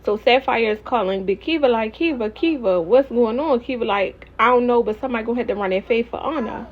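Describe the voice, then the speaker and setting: Woman, reality show recap, animated and opinionated, fairly high voice, dull lo-fi sound. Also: fast talker. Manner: animated, opinionated, talks to viewers as y'all. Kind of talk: casual recap commentary.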